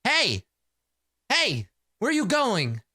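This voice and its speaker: A man voicing a young warrior npc, pitched up high, earnest, begging, stammering, lively swings. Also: slow, no echo, studio quality, heavily acted. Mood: urgent. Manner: pleading, stammering urgency. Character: desperate young male warrior, pleading and earnest.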